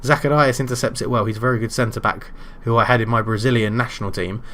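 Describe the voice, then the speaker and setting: A British man commentating his own football management game, calm between moves and shouting loudly when his side scores. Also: mid-range voice, fast, slight background noise. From Britain. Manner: excitable, bursts into loud shouting at goals. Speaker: gaming YouTuber.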